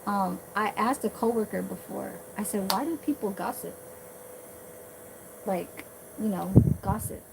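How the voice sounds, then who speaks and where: A woman's voice: medium pitch, measured pace, creaky, long pauses, very noisy. A woman vlogger talking in a blunt, profane, rambling way, full of fillers and restarts. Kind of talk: casual rambling monologue.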